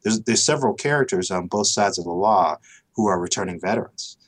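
A man's voice: lowish voice, lively intonation, fairly quick. A man as a podcast guest, speaking thoughtfully and often repeating words as he starts a thought. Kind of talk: casual podcast interview.

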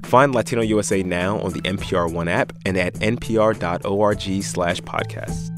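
A man reading a scripted promo in a relaxed way. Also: deep voice, moderate pace. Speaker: promo announcer. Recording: promo over guitar music.

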